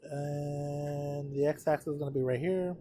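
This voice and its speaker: A man's voice: a little high, fairly even intonation, unhurried, warm tone, slight background noise. A tired man teaching a math class, talking students through a graph and checking in with them often. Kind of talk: live classroom lecture at a whiteboard.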